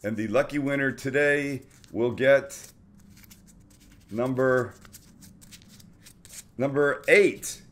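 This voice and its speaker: A man's voice: mid-range voice, slow pace, pauses often. A middle-aged man hosting a cooking show in casual, enthusiastic chat, full of exclamations as he cooks.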